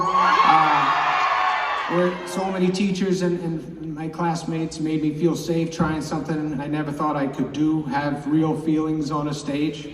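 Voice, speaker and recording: A middle-aged man speaks sincerely and haltingly, repeating words as emotion catches him. His voice is a touch high. He sounds far off in a big hall with long reverb, over crowd noise. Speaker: commencement speaker. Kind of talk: commencement speech. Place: large ceremony venue with an audience. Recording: echoey hall, distant mic, crowd noise.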